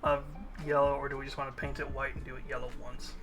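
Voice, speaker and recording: This young man paints miniatures on a stream, rambling casually and tossing self-aware asides to a friend. His voice is medium-pitched, monotone and fast, with music underneath.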